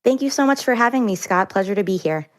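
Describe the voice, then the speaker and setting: A woman's voice: mid-range voice, lively intonation, fast. A woman author answering interview questions in a friendly, explanatory way. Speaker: author guest. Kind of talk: radio interview.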